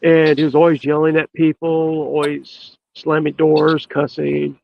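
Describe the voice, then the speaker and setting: Man, podcast guest, earnest storytelling, high voice, dull lo-fi sound. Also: completely flat delivery, vocal fry, no echo. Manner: earnest, emphatic, with drawn-out pauses. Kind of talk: storytelling in casual chat.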